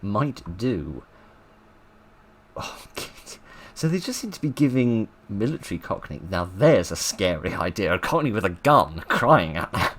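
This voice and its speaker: Wry man with a lively voice. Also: fairly low pitch, unhurried, slight background noise. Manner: wry, sarcastic asides with frequent laughter. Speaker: channel host reading an old book. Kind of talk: comic read-aloud with commentary.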